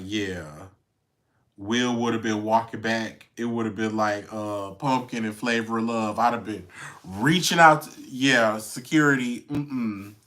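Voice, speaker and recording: A podcast host with a medium-pitched, slightly bright voice chats casually about celebrity news. His gossip commentary is wry and chatty, full of fillers and laughs.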